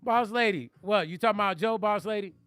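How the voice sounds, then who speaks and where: Middle-aged man, high, bright voice, dry close sound, joking livestream banter. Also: no room sound. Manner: joking, playful banter, drawn-out teasing. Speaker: musician and vlog host reading live chat. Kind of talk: casual livestream chat.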